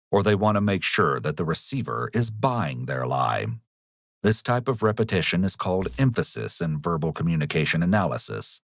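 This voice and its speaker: A man with a deep, low voice reads scripted narration. He speaks in a measured, analytical way. The sound is dry and close, with no room in it. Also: no room sound. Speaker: documentary narrator.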